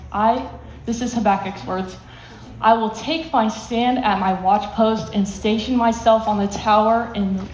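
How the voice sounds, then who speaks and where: A woman's voice: medium pitch, a little mellow. Woman, youth Bible teacher, plain explanatory delivery, reverberant room with faint hiss. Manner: explains plainly, acts out quotes with emphasis. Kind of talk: teaching a Bible lesson to students.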